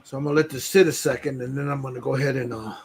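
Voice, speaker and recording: A man hosting a model-painting session, explaining his steps in a relaxed, rambling way and swearing casually. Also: mid-range voice, rapid-fire, gravelly, slight background noise. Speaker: host painting a model bust. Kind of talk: casual chat while painting.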